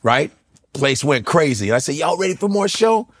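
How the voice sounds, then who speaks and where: Animated man telling a profane story. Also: fairly high pitch, normal speed. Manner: acts out the people in his stories, profane and punchy. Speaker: comedian guest.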